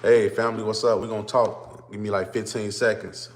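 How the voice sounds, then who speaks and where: A man's voice: lowish voice, flat delivery, fairly quick, slight background noise. A man streams casually to his viewers from a phone on a stand. He repeats his greetings again and again, then rants as he lays out his point. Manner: repetitive greetings, then ranting explanation. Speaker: vlogger. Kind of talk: casual livestream talk to viewers.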